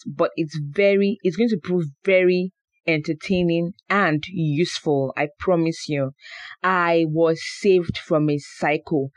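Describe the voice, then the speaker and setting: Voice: medium pitch, no echo. A podcast host with a Nigerian accent talking to listeners in a chatty, playful monologue, often repeating words for emphasis. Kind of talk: casual monologue.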